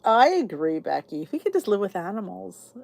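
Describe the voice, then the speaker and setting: A chatty woman, the channel's host, talks casually to her viewers at a middle pitch. She rambles warmly through stories and reads out comments by name as she goes. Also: sing-song, brisk, vocal fry. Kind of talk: casual live chat with viewers.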